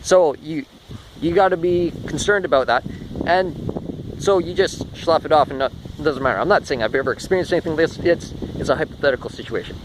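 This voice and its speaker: A man's voice: on the high side, fairly quick, noisy background. A man talking through a rambling spoken monologue, restarting often and swearing casually. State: short of breath.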